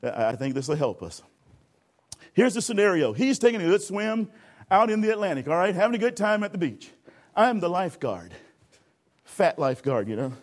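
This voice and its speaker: A man preaching a sermon, addressing the congregation directly and acting out a lifeguard rescue with shouting. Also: high-pitched, big pitch swings, moderate pace, long pauses. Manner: calls for audience response.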